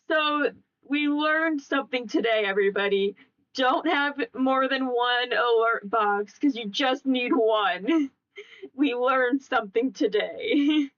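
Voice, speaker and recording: A woman's voice: on the high side, slow, muffled recording. A young woman streaming a casual chat, giggling and breaking into laughing fits as she talks.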